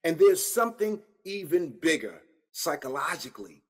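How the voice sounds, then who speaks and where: A man hosts a solo combat-sports podcast with a husky, slightly raised voice. His delivery is lively and animated, full of slang as he addresses his viewers directly. He sounds like a fan breaking down the matchup for his audience. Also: on the high side, moderate pace. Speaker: podcast host. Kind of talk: solo fight-analysis podcast.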